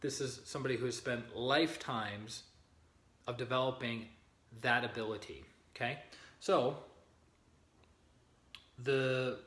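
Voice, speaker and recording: A man teaching on spiritual growth in an earnest, steady way. His voice sits at an ordinary middle pitch, and he keeps checking that his listeners follow along. The sound carries a roomy echo. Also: a little slow, long pauses. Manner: earnest, often checking in with "okay?" and "right?". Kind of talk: live-streamed spiritual teaching.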